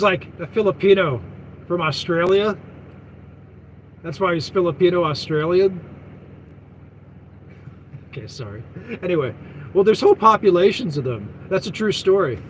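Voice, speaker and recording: A man's voice: high voice, slight background noise, rough recording. A man vlogging as a trucker, chatting loosely with viewers, full of fillers, restarts and lost trains of thought. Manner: meandering, loses his thread, heavy fillers and self-corrections. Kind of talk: rambling casual live chat.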